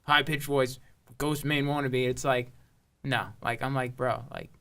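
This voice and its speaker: A young man from Long Island with a high-pitched voice, chatting casually and swearing freely, with a loose, laughing manner. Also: flat delivery, measured pace, bright, forceful tone. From Long Island, New York. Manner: loose, profane, laughing a lot. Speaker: rapper. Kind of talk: casual chat.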